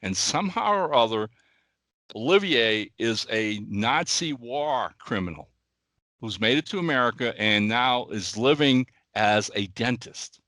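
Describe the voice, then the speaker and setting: An older man co-hosting a podcast, telling stories in animated casual chat and often checking in with "all right?". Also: mid-range voice, measured pace, dry recording. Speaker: podcast co-host.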